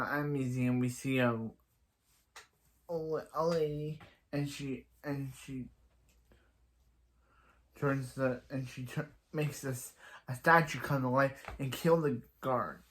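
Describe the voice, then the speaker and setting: A man's voice: medium pitch, measured pace, fairly bright tone, a little hiss or hum. Man rambling through a TV recap. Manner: rambling, frequent restarts and self-corrections; chuckles while recapping. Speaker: TV episode reviewer. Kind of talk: casual episode recap.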